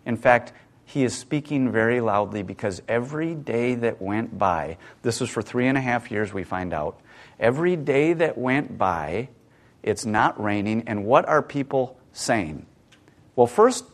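A male pastor preaching a sermon, asking the congregation rhetorical questions and dropping to a near hush for effect. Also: medium pitch.

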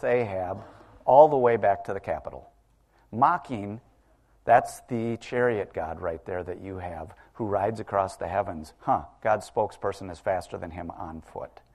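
A man's voice: medium pitch, a little mellow. Conversational male preacher asking rhetorical questions. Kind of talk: sermon.

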